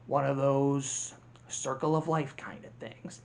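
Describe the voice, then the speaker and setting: A vlogger imitating a menacing male grasshopper villain from an animated film, in a low, hushed, sneering whisper delivered slowly. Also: creaky. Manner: slow, threatening, sneering.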